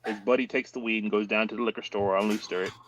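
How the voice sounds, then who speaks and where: A male guest on a casual chat stream telling animated stories and acting out the voices of other people. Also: fairly low pitch, fast talker. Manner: animated, acts out quoted voices. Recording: dull lo-fi with faint hiss.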